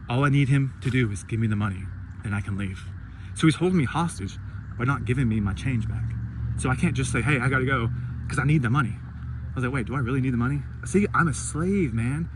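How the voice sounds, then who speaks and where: A man's voice: medium pitch, animated, quick pace. Guy ranting about his day, swears a lot, acts out what he said, bit of traffic hum behind. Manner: rambling and profane, acting out his own reactions. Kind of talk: casual rant vlog.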